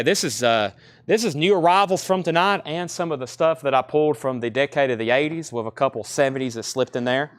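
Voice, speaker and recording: Smooth-voiced man selling records live. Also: mid-range voice, no echo. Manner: rattles off titles and prices, chatty asides. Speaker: record seller. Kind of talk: live sale stream, casual selling.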